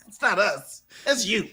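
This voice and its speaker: A man with a bright, sharp, high voice, bouncing expressively as he jokes. He co-hosts a laid-back podcast, laughing through his teasing remarks. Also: a little hiss or hum. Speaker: podcast co-host. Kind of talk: casual chat.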